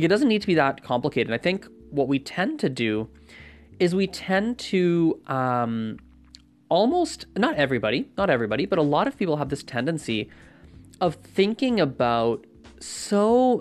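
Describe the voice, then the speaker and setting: Casual, rambling man giving advice. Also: on the high side. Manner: rambling, with many fillers and self-corrections; conversational, often asks "right?". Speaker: language-learning vlogger.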